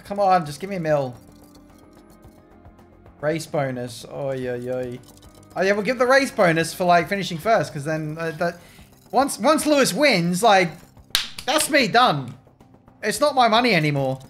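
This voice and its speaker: A man with a slightly high, fairly bright voice streams a racing management game, joking around, swearing, and chatting with his viewers in casual gameplay commentary.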